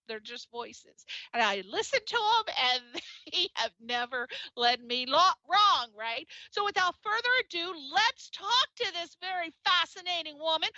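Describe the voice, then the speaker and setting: A woman hosts a radio show, her voice high, bright and swinging all over the place. She gushes and exclaims with sheer enthusiasm, and the dry recording sounds slightly dull and lo-fi. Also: unhurried, no room sound. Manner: gushing, animated, exclamatory.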